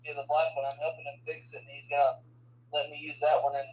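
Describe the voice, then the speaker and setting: A man's voice: on the high side, monotone, fast talker, dull audio. A man in his twenties chatting casually and easygoing with a friend, often saying dude and man. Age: 20s. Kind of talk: casual chat.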